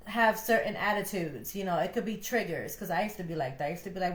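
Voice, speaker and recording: A woman's voice: lowish voice, fast. A young woman from Connecticut co-hosting a podcast, giving casual relationship advice and acting out quoted voices as she talks. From Connecticut, USA. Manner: animated, acts out quoted voices. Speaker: podcast co-host. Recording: echoey room.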